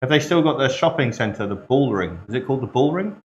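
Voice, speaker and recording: A man's voice: medium pitch, lively intonation, a little fast, dull audio. A man from England near the Cotswolds, a tattoo client chatting casually in short, dry quips. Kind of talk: casual chat.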